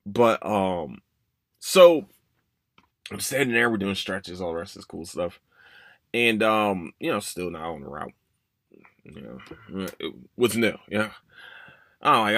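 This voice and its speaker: A man's voice: fairly low pitch, animated, slow pace, long pauses, a bit bright, no echo. A young man hosting a podcast, rambling through a personal story, cursing and apologizing for it. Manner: rambling, curses and apologizes, voices his own past thoughts. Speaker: podcast host. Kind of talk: casual storytelling.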